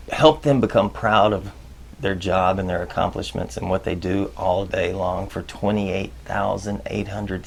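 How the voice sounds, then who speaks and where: A man hosting a leadership advice video, talking casually and jokingly, with loud bursts and muttered asides. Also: lowish voice, gravelly. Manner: chatty, jokey, swings between loud bursts and muttered asides.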